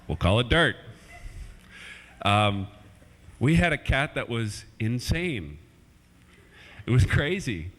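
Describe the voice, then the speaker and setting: A man's voice: mid-range voice, big pitch swings, slow, pauses often, a bit bright. A man doing playful family stand-up comedy in a church hall, chatting with kids in the crowd, on an old VHS recording.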